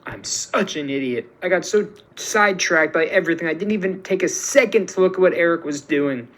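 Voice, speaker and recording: A man's voice: fairly high pitch, animated, fairly quick, a bit bright, voice pushed up. Man voicing a grieving fierce heroine, storybook read-through. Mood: self-blaming. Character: grieving angry middle-aged woman hero.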